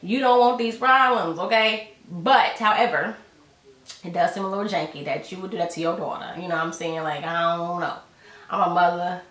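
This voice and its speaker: A woman's voice: lowish voice, fairly even intonation, a little fast, fairly bright tone, echoey room, far from the mic. A woman giving a casual, slangy recap of a TV episode in a chatty retelling manner. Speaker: TV episode reviewer.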